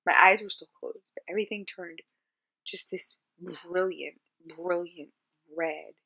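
Woman vlogger, lowish pitch, bright edge, halting, lots of fillers, soft and subdued. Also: steady tone, slightly rough. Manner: halting, searching for words, frequent fillers. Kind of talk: personal storytelling to camera.

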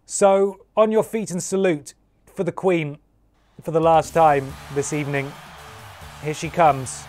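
A man's voice: a little high, steady tone, measured pace, a little mellow, faint music behind. Playful man doing mock wrestling commentary. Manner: playful, jokey, breaks into humming and sound effects. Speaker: streamer playing a wrestling game.

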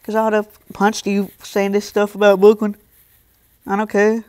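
A man's voice: high-pitched, monotone, moderate pace, darkish tone, clear, resonant tone, dry recording. A young man live streaming, reading and answering his chat in casual talk, scolding some viewers and joking with others. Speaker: livestreamer.

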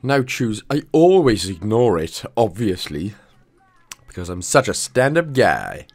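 A man's voice: lowish voice, very animated, a little slow. A man hosting a game walkthrough in casual commentary, chatty and jokey, drifting into playful asides.

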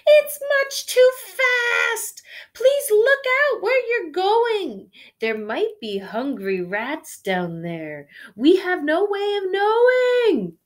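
A woman reading aloud as a cautious, easily alarmed little bug in a storybook, in a shrill, worried voice. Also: very animated, takes it slowly, a bit bright. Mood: shrieking.

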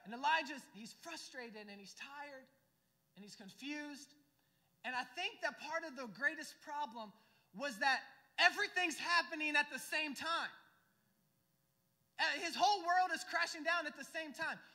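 High, bright-voiced young male preacher. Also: normal speed. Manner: emphatic preaching, rhetorical questions to the congregation. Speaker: pastor. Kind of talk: sermon. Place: church sanctuary. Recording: church hall reverb.

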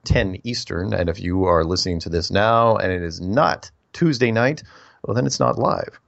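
A man's voice: sits low, normal speed, creaky, dry recording. A man hosting a call-in radio show, rambling through announcements and spelling out contact details. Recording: dry, dull lo-fi audio.

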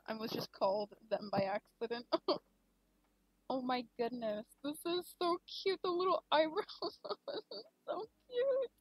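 Giggly high-voiced young woman streamer. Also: dry recording, low-quality recording. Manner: giggly, gushing, lots of "like" and "literally". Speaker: game streamer. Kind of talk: casual live-stream chat.

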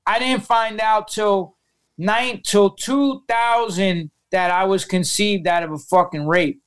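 A man's voice: sits high, fairly even intonation, slow pace, smooth. A middle-aged man with a New York accent, telling a raw story as a podcast guest, blunt and swearing often. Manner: blunt, heavy swearing, emotional retelling. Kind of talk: casual interview storytelling.

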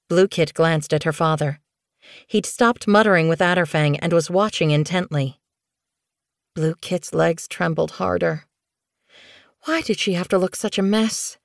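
A woman reads an audiobook in a measured, unhurried way. Her voice sits low and the pace is very slow. The sound is dry and close, recorded on a studio mic. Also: dry recording. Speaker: audiobook narrator. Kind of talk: scripted narration.

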